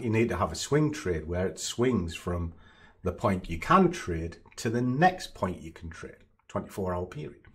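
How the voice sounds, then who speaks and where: Blunt man, low voice. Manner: blunt, lecturing, no-nonsense. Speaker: forex trading coach. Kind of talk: motivational monologue.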